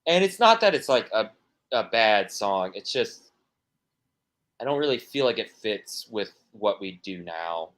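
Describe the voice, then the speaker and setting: A man's voice: lowish voice, very animated, measured pace, fairly bright tone. A man, a musician guest on a podcast, talking casually and rambling through stories with many restarts and fillers.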